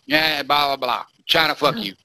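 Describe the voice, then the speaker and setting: A man's voice: mid-range voice, moderate pace, sharp tone. A man hosting a podcast, ranting emphatically in casual talk, repeating himself and swearing constantly. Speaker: podcast host. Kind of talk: profane ranting podcast chat.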